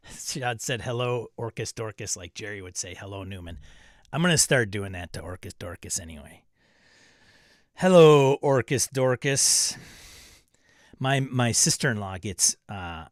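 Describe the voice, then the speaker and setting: A man's voice: low voice, a bit bright, no echo, clean studio sound. A man hosting a tabletop game livestream, reading viewer comments aloud and joking around in casual chat.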